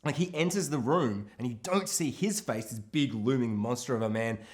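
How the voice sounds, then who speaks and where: A man co-hosting a film podcast, talking casually in an animated way and swearing a lot. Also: medium pitch, normal speed. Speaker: podcast co-host.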